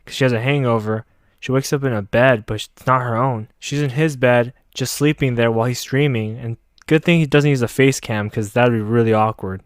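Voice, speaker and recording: A young man tells an anime plot as a sarcastic, swearing comedy recap, jumping his pitch up whenever he quotes the girls. His voice is smooth and clear. The sound is close and dry with no room around it. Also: a little fast, no echo. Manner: sarcastic, mocking asides. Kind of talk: casual comedic recap with profanity.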